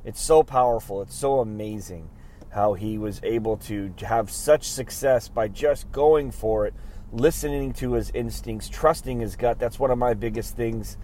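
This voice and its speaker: A man's voice: mid-range voice, unhurried, mellow, a little hiss or hum. A host in his forties talking casually, admiring and a little hesitant as he reflects on a talk. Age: 40s.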